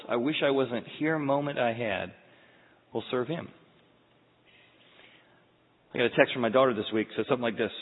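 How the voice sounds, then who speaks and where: A man in his forties preaching a sermon, telling personal stories in an earnest, confessional way. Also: medium pitch. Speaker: pastor. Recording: phone-like sound with long hall reverb.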